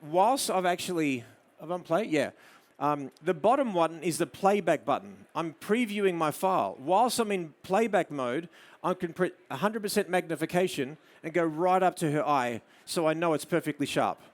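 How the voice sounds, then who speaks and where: Australian male presenter, fairly high voice, live photo demo, drops to soft murmurs when directing the model. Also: animated, moderate pace, few pauses. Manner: coaxing a model with soft murmured praise between explanations. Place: studio demo before an audience.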